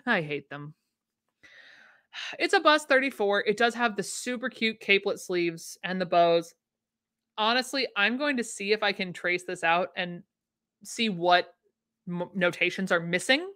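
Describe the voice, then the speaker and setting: A woman's voice: mid-range voice, fairly bright tone. A woman hosting a casual livestream, chatting enthusiastically and answering viewer comments. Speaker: vintage sewing pattern livestream host. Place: home room.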